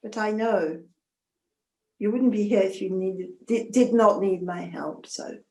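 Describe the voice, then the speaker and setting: A woman voicing a kindly woman who welcomes a stranger to her forest house, soft and welcoming. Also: mid-range voice, measured pace, reverberant, pitched below the performer's own voice, close to an everyday voice.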